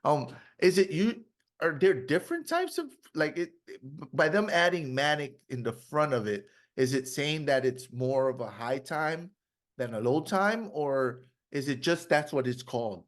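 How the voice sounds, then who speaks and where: A man's voice: fairly high pitch, expressive, measured pace. A man hosting a podcast interview, laid-back and casual, who talks in slang. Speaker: podcast host.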